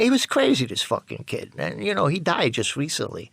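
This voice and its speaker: Older New guy, gravelly, profane storyteller, halting delivery, dry close sound. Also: on the high side, wildly swooping pitch, a bit bright, no room sound. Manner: rambling, profane, halting with many restarts. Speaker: interviewee. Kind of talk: personal storytelling.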